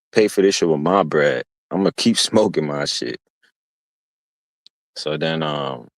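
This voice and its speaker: Low-voiced man streamer, rambling and profane in casual storytelling, dry sound. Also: creaky, dry recording. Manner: slangy, profane, meandering with restarts.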